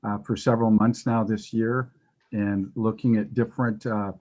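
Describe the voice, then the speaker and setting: A man's voice: lowish voice, flat delivery, moderate pace, darkish tone, dull audio. A man giving a facilities presentation to a committee over a remote call, explaining steadily with some fillers. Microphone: remote call audio.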